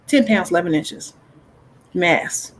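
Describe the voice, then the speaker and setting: A woman's voice: on the low side, animated, slow, low-quality recording. Woman guest telling her story, earnest and churchy, keeps restarting sentences, faint noise behind. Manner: earnest and faith-filled, often restarts phrases. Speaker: guest author. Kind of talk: personal story in a casual interview.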